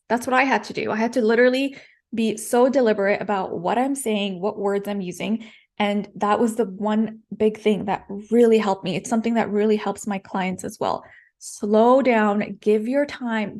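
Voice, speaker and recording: A woman's voice: on the high side, a little mellow. A woman coaching public speaking in a live-streamed lesson, direct and encouraging, repeating her key points.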